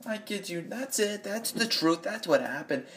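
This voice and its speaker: Deadpan older comedian guy, a man doing the impression, high and jumpy, dry and insistent, on a phone. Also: moderate pace, recorded from a distance.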